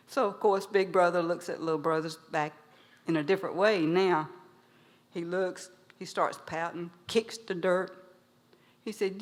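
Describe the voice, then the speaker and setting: A woman storyteller telling a traditional animal tale to a live audience, animated and lively. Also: fairly low pitch, unhurried. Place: museum event hall. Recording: long hall reverb.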